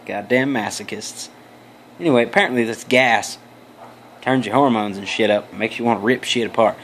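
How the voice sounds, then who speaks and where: A man's voice: lowish voice, moderate pace, a bit bright, slight background noise. A young adult man vlogging, telling a story in a loose, rambling way with crude, profane jokes and asides. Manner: loose, meandering, many restarts.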